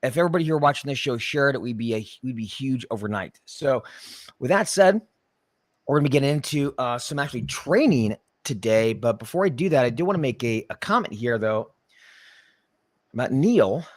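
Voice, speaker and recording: A man's voice: mid-range voice, expressive, a little fast. A talkative man hosts a live online show, stumbling over restarts and ribbing his co-host with jokes. His voice sits in an ordinary middle register. He has a recurring cough, and the sound is dry and close, with no room echo. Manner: chatty, restarts often, jokes and teases. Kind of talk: casual live-stream chat.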